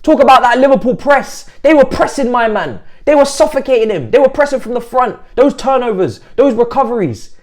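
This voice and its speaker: A man hosting a football vlog, talking in an animated way that swings from loud mocking bursts to low muttered asides. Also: a little fast. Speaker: football channel host. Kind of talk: excited football commentary vlog.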